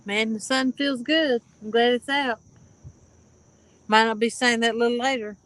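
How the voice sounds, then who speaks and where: A woman's voice: on the high side, fairly even intonation, moderate pace, fairly bright tone, poor audio. A woman streaming live from a pontoon boat outdoors, chatting casually with viewers in a laid-back way and greeting them by name.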